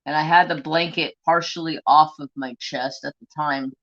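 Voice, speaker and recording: A man hosts a live craft stream in a bright, forward voice, chatting bluntly and swearing freely. The talk is loose and chatty. The audio is dull and lo-fi. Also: fairly high pitch, fairly even intonation, moderate pace. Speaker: craft livestream host. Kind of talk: casual live-stream chat.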